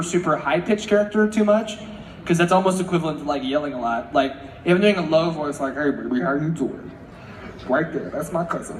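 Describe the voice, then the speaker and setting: A man answering fan questions at a convention panel, playful and jokey. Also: high voice. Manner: playful, jokey, slips into silly voices. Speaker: panel guest voice actor. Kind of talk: casual panel Q&A. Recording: echoey convention hall, crowd noise.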